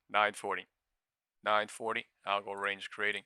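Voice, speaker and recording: A young man running a live trading stream with a bright, ringing, very forceful voice. He talks in crisp, clean tones, swears freely, and jumps between excited outbursts and quick market calls. The sound is dry and close, with no room around it. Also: mid-range voice, no room sound. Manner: swears a lot, bursts into shouting and laughter. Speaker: day-trading livestream host. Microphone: new studio mic.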